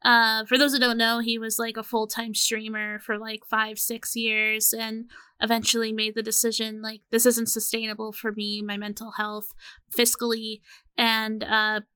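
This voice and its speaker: A woman's voice: fairly high pitch, completely flat delivery, normal speed, pushed and bright, smooth, dry recording. A woman in her late twenties co-hosting a podcast, chatting casually and rambling through restarts. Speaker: podcast co-host. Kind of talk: casual chat.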